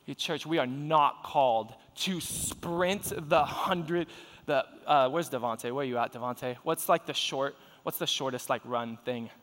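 Joking pastor in a reverberant hall. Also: male voice, mid-range voice, measured pace. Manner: joking, animated, talks to the congregation. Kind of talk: lively conversational sermon. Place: large church hall with audience. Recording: long reverb of a large hall.

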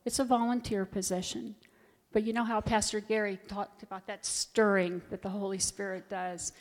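A middle-aged woman who volunteers as a hospital chaplain shares an earnest, heartfelt testimony in church. Her mid-range voice keeps a steady tone at a moderate pace, and the recording carries a long church reverb.

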